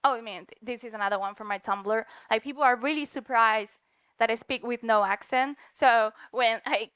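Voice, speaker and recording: Cheerful lady giving a talk, kinda high, smooth clear voice, dry sound. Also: moderate pace, fairly bright tone, no echo. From Spain. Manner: cheerful, laughs often, slips in Spanish words. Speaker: guest speaker, comic artist. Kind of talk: talk at a university event. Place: lecture room in New York.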